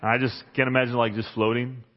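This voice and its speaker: A man's voice: mid-range voice, little pitch movement, fast. A man preaching a sermon in a church hall, conversational and joking, reading Bible passages aloud. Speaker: pastor. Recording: muffled sound with long hall reverb.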